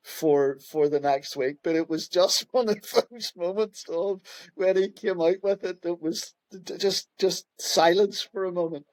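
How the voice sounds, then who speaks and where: Chatty middle-aged police commissioner, dry close sound. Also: male voice, on the high side, darkish tone, no echo. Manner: conversational, frequent fillers and restarts. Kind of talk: anecdotal interview storytelling.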